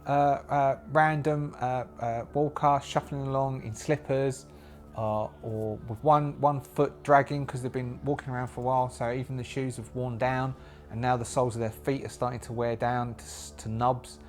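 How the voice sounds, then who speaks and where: A man's voice: mid-range voice, fairly even intonation, normal speed. A man narrating a solo tabletop game, thinking aloud and rambling with many fillers and restarts. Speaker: solo game master and player.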